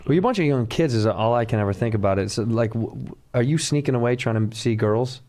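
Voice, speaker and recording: A man's voice: medium pitch, fast, darkish tone. A man co-hosting a casual talk, telling easygoing anecdotes and making dry jokes. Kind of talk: casual conversation.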